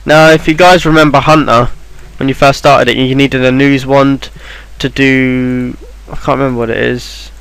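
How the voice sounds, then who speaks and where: A man's voice: medium pitch, flat delivery, normal speed, vocal fry, few pauses, a bit bright, smooth, no echo, rough recording. A man talking through a game walkthrough in an offhand, rambling way, with plenty of ums and restarts. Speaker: game guide maker. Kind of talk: casual game walkthrough voice-over.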